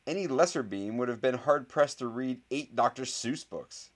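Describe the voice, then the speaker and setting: Pompous, exasperated young schoolboy, raised pitch, a man voicing him. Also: moderate pace, natural voice. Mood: indignant. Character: indignant clever young schoolboy, proud and dramatic.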